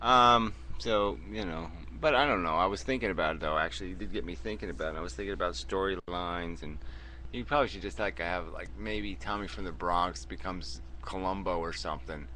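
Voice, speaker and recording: Man, casual profane chat, bright tense tone, slightly low voice, faint hiss. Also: brisk. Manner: blunt, profane, dismissive. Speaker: video host debating in a live chat.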